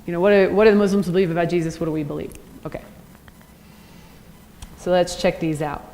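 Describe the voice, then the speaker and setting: A woman's voice: on the low side, steady tone, a little fast, mellow. A woman giving a conversational church teaching, often checking in with the audience by asking "right?". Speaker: Christian apologetics teacher. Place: church hall. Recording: long hall reverb.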